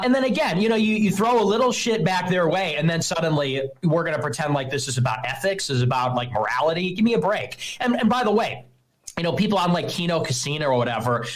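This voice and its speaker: A young man hosting a live stream, ranting in a scornful, mocking and profane way. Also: a little high. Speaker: streamer host. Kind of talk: heated live-stream rant.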